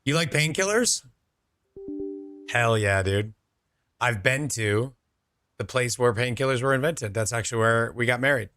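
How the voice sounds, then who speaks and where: A man's voice: medium pitch, measured pace, long pauses, bright, forceful tone, no echo. A young man streaming a game, chatting casually with his viewers and answering their messages. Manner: chatty, reads out and answers chat, laid-back. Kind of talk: casual chat with viewers while gaming.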